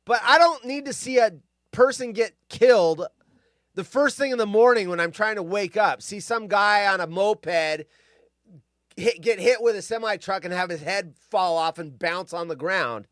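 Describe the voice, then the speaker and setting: A man's voice: high-pitched, normal speed, a bit bright, dry recording, clean studio sound. Grumpy, profane man hosting a stream. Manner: grumpy, profane, rambling rants. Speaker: live stream host. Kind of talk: casual live-stream chat.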